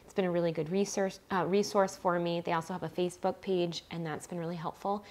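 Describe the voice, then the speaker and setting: A woman in her forties talking to the camera at home, candid and emotional. Her voice sits a little low for a woman, and she hesitates with ums and false starts, then works through a list of symptoms one at a time. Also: steady tone, fairly quick, few pauses, darkish tone. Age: 40s. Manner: reads out a symptom list item by item. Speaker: vlogger sharing a personal health story. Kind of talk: casual personal vlog. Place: at home, messy room.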